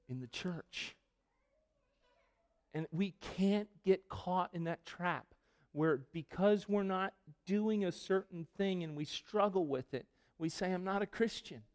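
A man delivering a sermon from the pulpit, his voice sitting a little high for a man. He chats with the congregation in easy asides, then turns emphatic and forceful on scripture. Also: slow pace. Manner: emphatic preaching, rising loud on scripture. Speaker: pastor.

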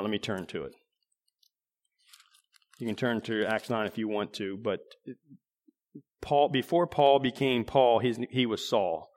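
A man preaching a sermon in a conversational way, restarting phrases and clearing his throat now and then. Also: mid-range voice.

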